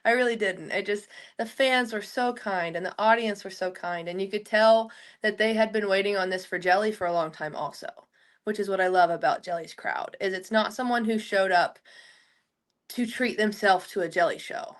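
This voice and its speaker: A young adult woman from Oklahoma, a country singer, speaks at a normal pace in a mid-range voice. She's chatting casually in an interview, telling rambling stories packed with "like."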